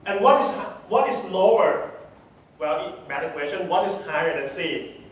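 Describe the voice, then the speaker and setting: A man's voice: on the high side, expressive, normal speed, a little hiss or hum. A middle-aged man from Thailand with a Thai accent gives a talk at a tech meetup, joking at his own expense and putting questions to the audience. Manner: self-deprecating, joking, asks the audience questions. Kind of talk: conference talk. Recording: echoey room from far off.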